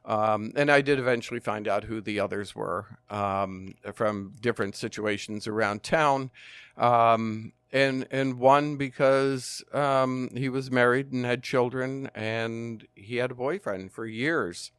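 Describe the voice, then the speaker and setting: An older man, a former firefighter and nurse, telling his story in an interview in an earnest, measured way with frequent ums and uhs. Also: medium pitch, fairly even intonation, a bit bright, smooth, dry recording.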